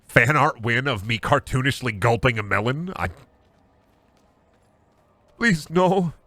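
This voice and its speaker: Speaking at a moderate pace in a mid-range, pushed, bright voice with no room sound, a gaming streamer narrates his play and replies to chat. His livestream commentary is full of jokes, swearing, and exasperated laughter.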